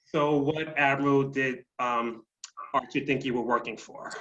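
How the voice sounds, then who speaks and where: A man co-hosting an online event, briskly putting trivia questions to guests over a video call with dull lo-fi audio. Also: mid-range voice, fairly even intonation, background noise. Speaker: co-host.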